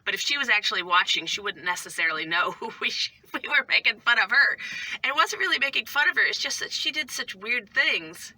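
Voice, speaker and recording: Chatty mom vlogger rambling with lots of asides, super bright sharp voice. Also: female voice, a little high, expressive, brisk, dry recording. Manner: chatty and self-mocking, with many asides and fillers. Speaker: vlogger and mother. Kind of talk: casual rambling monologue.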